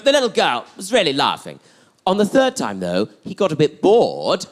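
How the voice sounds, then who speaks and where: A man's voice: on the high side, huge pitch swings, normal speed. A man doing stand-up storytelling, camp and arch with spiteful asides. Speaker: stand-up comedian. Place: comedy venue stage. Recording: noisy live club recording.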